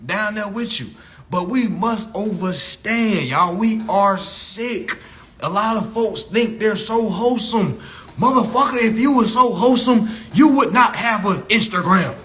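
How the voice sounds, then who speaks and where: Guy going off on a phone live stream, cussing and preaching, voice jumps all over, kinda high. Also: lively intonation, moderate pace, pushed and bright. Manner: profane, preachy, mocking. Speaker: social media commentator. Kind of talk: instagram live rant.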